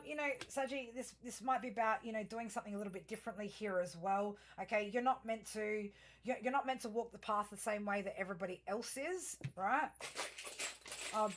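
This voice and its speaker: Picture a woman reading cards for her viewers in a loose, unscripted flow, her pitch sitting in an ordinary middle range. She swears freely, stops and restarts her sentences, and keeps checking in with the people listening. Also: fairly bright tone, a little hiss or hum. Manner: rambling, profane, talks straight to viewers; chatty, self-interrupting, frequent fillers. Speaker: astrology and tarot reader. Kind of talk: casual solo reading for viewers.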